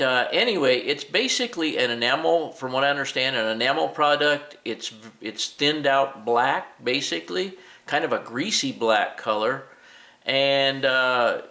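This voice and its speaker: A man's voice: mid-range voice, pushed and bright. A middle-aged man who runs a hobby shop, casually reviewing and demonstrating a modeling product, rambling with many fillers and restarts. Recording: echoey room.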